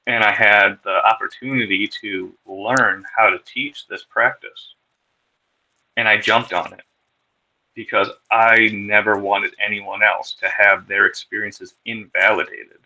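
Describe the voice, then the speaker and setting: Male storyteller, slow-talking and candid, a bit low-pitched, cursing freely. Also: steady tone, bright, forceful tone, dull audio. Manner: candid, profane, wry storytelling. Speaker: podcast guest sharing his recovery story. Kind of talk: casual personal storytelling.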